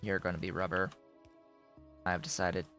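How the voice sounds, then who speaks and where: A man's voice: deep voice, level tone, moderate pace, bright, forceful tone, soft background music. A man streaming a game, muttering offhand, dry remarks to himself as he builds. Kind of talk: casual gameplay commentary.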